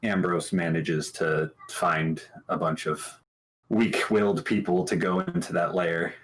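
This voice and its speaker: A man talking casually about his tabletop game character, thoughtful and halting, with many restarts. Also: low-pitched, steady tone, a bit bright, rough recording. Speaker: tabletop game player on a talk show.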